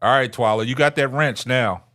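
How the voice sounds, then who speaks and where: A man's voice: mid-range voice, normal speed, fairly bright tone. A man, hosting a casual livestream and talking to viewers in the chat. He taunts them, repeats himself and ends many phrases with "man". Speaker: livestream host.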